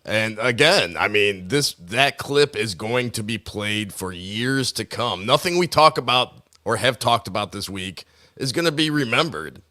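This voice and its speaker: A man's voice: lowish voice, expressive, a little slow, bright, forceful tone. A man on a podcast, agreeing and speaking emphatically. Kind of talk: casual podcast chat.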